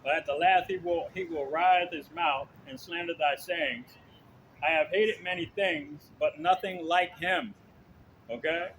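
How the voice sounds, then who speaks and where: A man's voice: fairly high pitch, a little slow, fairly bright tone, slight background noise, rough recording. A man preaching informally and reading scripture, with loose profane asides and frequent "okay?" checks to his listener. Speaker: street preacher.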